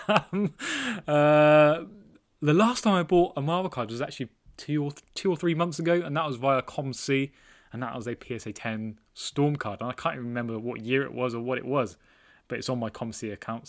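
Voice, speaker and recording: A man's voice: mid-range voice, moderate pace. A man hosting his own channel, answering viewer comments in a casual, self-deprecating chat and laughing often. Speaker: trading card collector channel host.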